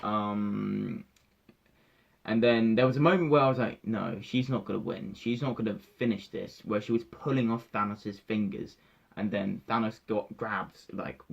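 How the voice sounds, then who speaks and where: An excitable young man swears freely as he acts out his own reactions while telling a story. His voice sits low and gravelly with a husky edge. The recording sounds dull and lo-fi. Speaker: vlogger reviewing a film. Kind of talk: excited casual spoiler talk.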